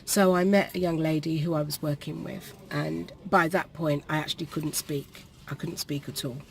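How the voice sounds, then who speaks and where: A woman, telling a personal story to the camera in a halting way, with pauses and restarts, while perspiring. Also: low-pitched, fairly even intonation, creaky. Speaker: vlogger. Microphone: camera facing her.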